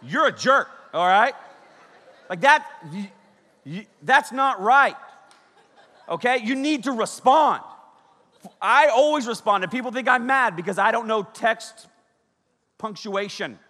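Animated joking male preacher in a hall. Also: sits high, a little slow, long pauses. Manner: joking, animated, acts out dialogue. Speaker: pastor. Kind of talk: humorous preaching. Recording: long reverb of a large hall.

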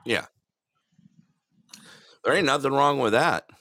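A man's voice: medium pitch, animated, takes it slowly, pushed and bright, dry recording, clean studio sound. A man hosting a casual talk show, upbeat, greeting callers and laughing often. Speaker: host. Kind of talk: casual talk radio chat.

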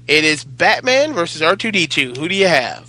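A man hosts a casual panel chat, calling on each guest in turn. His voice sits high and rings very bright. He gets excitable and swears freely. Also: normal speed, a little hiss or hum. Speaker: podcast host.

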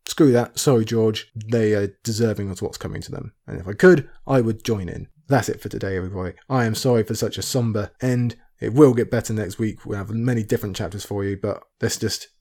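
A man's voice: fairly low pitch, steady tone, brisk, hardly any pauses, mellow. A man hosting a book discussion, giving an earnest, heartfelt chapter-by-chapter commentary, talking without a script. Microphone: phone nearby, talking unscripted.

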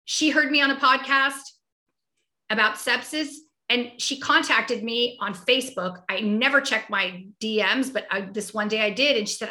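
A woman's voice: on the high side, normal speed, pushed and bright, roomy sound. A woman guest talking heartfelt and reflective in a conversational interview, often restarting her sentences. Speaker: podcast guest.

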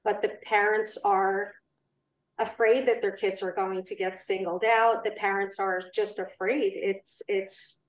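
Flat-voiced woman on a distant, dull line. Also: mid-range voice, measured pace, slight background noise. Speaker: guest parent. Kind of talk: recounting her experience in an interview. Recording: distant, roomy, dull remote audio.

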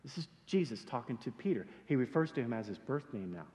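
A male pastor preaching a sermon in a casual, animated storytelling way, with slangy asides. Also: mid-range voice, quick pace. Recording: long hall reverb.

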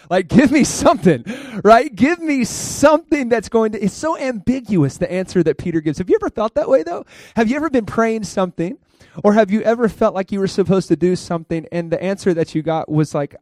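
A male pastor preaching a lively sermon in a conversational way, laughing often and asking the listeners questions. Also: high voice, a little fast, dry recording, studio quality. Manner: conversational, asks the crowd questions.

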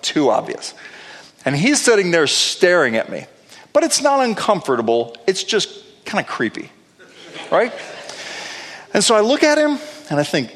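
A male pastor telling a story in a sermon, animated, with playful asides. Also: medium pitch. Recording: long reverb of a large hall.

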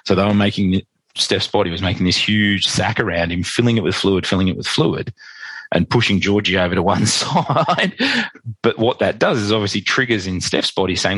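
An Australian man, a podcast guest, telling a personal story in a quick, animated way and acting out what others said. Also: low voice, breathy edge, no echo, rough recording. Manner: animated, quick, acts out quoted dialogue. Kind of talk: conversational storytelling.

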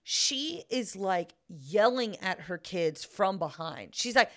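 A young woman co-hosting a podcast, telling a story in an animated, profane way and acting out what others said. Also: medium pitch, slow pace, hardly any pauses. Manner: animated, profane, acts out quotes. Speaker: podcast co-host. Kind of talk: casual chat, storytelling.

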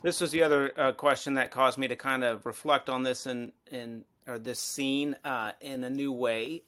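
A man's voice: medium pitch, steady tone, moderate pace, a bit bright. Man thinking aloud in a Bible study. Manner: thinks aloud with restarts and hedges. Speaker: study participant.

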